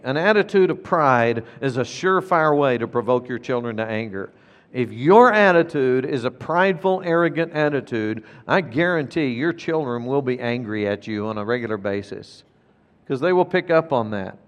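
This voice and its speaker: Earnest pastor preaching in an echoing hall. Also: male voice, a little high, lo-fi sound. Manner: earnest, emphatic, repeats key points. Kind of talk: sermon. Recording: long reverb of a large hall.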